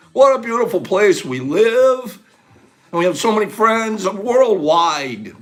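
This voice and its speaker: An older American man hosting a casual livestream, chatting playfully with viewers and breaking into excited shouts. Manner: playful, jokey, swings from low mumbles to excited shouts. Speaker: host of a mushroom livestream.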